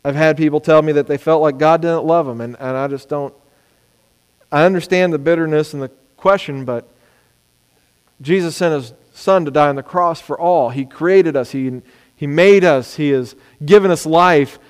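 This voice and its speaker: A man preaching a sermon, animated, sometimes acting out the words of people he quotes. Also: on the high side, normal speed, clean tone. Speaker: pastor. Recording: long hall reverb.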